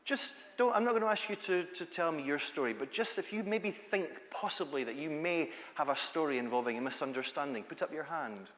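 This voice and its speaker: A Scottish man from the east coast, a teacher trainer, gives a playful, chatty conference talk full of stories and questions for the audience. His voice is a little high and fairly bright, and he speaks briskly with hardly any pauses. He's in a large conference hall, and the recording carries long hall reverb.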